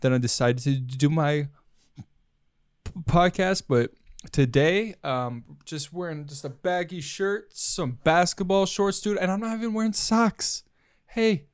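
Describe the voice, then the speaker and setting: A man's voice: on the high side, clear, resonant tone, no room sound, studio quality. A young man hosting a casual solo podcast from his room, rambling and joking and saying "dude" a lot. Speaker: podcast host.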